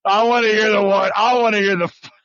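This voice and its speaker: A man's voice: sits high, little pitch movement, fast, a bit bright, dry recording, highs cut off. A man hosting a live trucking stream, laughing often, egging on his guest and greeting viewers. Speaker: host.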